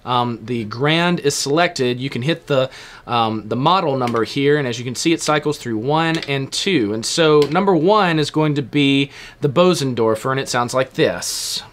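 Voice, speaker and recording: A man casually walking through piano sounds on a stage keyboard, explaining in a relaxed way with fillers. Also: mid-range voice, normal speed. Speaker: keyboard instructor. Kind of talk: casual instructional walkthrough.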